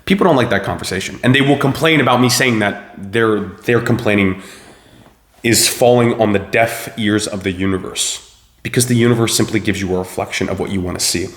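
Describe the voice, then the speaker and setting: A young man giving a blunt, profane motivational rant, preachy and forceful. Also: lowish voice, brisk, roomy sound. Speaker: self-improvement video host.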